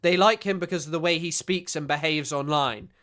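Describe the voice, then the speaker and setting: A man with a high, bright, clear voice gives casual streaming commentary over a clip. His tone is scornful and mocking, and he laughs often while he cuts into the video. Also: fairly quick.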